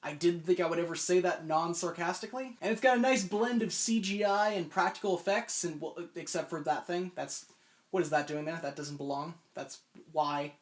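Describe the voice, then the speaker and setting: A man's voice: fairly high pitch, moderate pace. A man in his twenties hosting a comedic video essay, rambling with self-mocking asides. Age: 20s.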